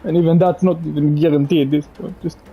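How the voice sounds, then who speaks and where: A young man from Israel crying through an emotional monologue to camera, halting and repeating himself, often ending with "man". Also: on the high side, steady tone, mellow, slightly rough, faint music behind, poor audio. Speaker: vlogger.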